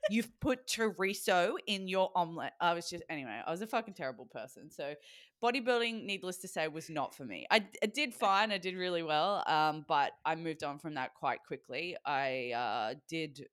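Woman, 20s, low voice, animated podcast storyteller who swears freely. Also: normal speed, clean tone, no room sound, clean studio sound. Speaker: podcast co-host. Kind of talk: casual chat.

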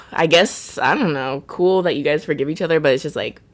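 A young woman telling stories in casual chat, animated and full of "like". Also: sits low, normal speed. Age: young adult. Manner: chatty, animated storytelling with lots of "like". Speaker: podcast co-host.

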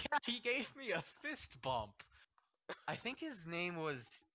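A man's voice: high voice, big pitch swings, slow, bright, forceful tone, dry recording, studio quality. A young man hosting a casual group chat and telling a long rambling story, laughing as he goes. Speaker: host and judge.

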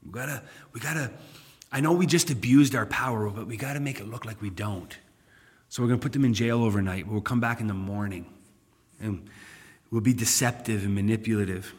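A man voicing scheming male religious rulers plotting in a hushed, conspiratorial tone. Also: lowish voice, fairly quick, slightly rough. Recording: long hall reverb.

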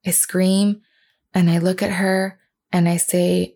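A woman's voice: fairly low pitch, flat delivery, slow pace, vocal fry, warm tone. A woman in her thirties, a mother earnestly recounting a personal story and retelling what was said. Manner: earnest, retelling dialogue, with fillers and restarts.

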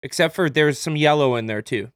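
A man's voice: a little high, a little fast, no room sound, studio quality. A man co-hosting a podcast in casual, joking banter, swearing and slipping into silly voices. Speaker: podcast co-host.

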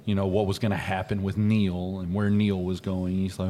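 A man with a low voice chats casually as a podcast co-host. He rambles and hesitates, leaning on fillers. Faint background noise sits under the recording. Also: little pitch movement, moderate pace, dark tone. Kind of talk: casual chat.

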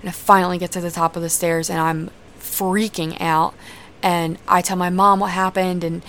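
A woman's voice: on the low side, little pitch movement, normal speed, a bit bright, slight background noise. Candid, foul-mouthed young woman storyteller. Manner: candid and profane, casual run-on storytelling. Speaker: podcast host. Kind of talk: personal storytelling podcast.

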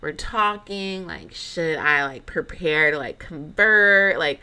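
A woman's voice: low voice, takes it slowly, sharp tone, clean tone. A young woman hosting a podcast, telling a story in a chatty, dramatic way with lots of fillers and asides. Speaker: podcast host. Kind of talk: casual storytelling monologue.

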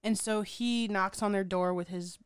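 A woman's voice: mid-range voice, steady tone, moderate pace, clear, resonant tone, dry recording, studio quality. A woman co-hosting a podcast, casually recapping a movie in a blunt, sarcastic way. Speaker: podcast co-host.

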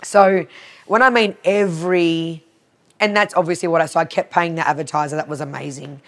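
A woman's voice: sits low, steady tone, brisk, a bit bright. An Australian woman guesting on a podcast, telling stories from her cleaning business and acting out both sides of each conversation. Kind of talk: casual storytelling interview.

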